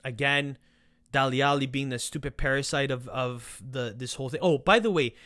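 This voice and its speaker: A young man hosting a casual football podcast, excitable and animated, with loud outbursts and quieter asides. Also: medium pitch, normal speed, dry recording. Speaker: podcast host.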